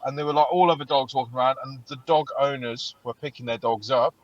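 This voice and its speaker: A man's voice: mid-range voice, quick pace, no room sound, highs cut off. A man co-hosting a casual podcast and telling stories animatedly, swearing a lot. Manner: animated storytelling, heavy swearing. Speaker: podcast co-host. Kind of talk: casual chat.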